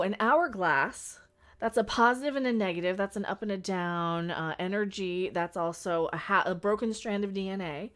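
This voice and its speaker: Female streamer, voice worn hoarse, loose rambling live-stream chat, thinks out loud and repeats herself. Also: on the high side. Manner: musing aloud, repeating herself, trailing off. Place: Las Vegas, indoors.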